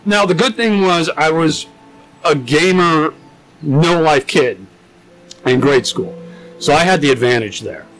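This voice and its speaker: A young man telling stories in a casual podcast chat, animated and swearing a lot. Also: on the high side, a little slow, long pauses, soft background music, low-quality recording. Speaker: podcast co-host.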